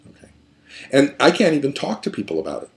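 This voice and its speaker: A man's voice: medium pitch, huge pitch swings, fast talker, gravelly. A man who works as a therapist, explaining a pattern step by step in an emphatic lecture with repeated phrases. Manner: emphatic, repetitive, building points step by step.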